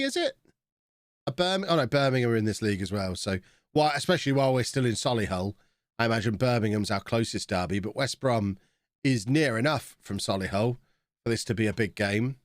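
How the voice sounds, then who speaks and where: A man's voice: mid-range voice, no room sound, clean studio sound. Chatty man streaming a game. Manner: chatty, reacting to the game as it plays. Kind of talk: casual live-stream chat.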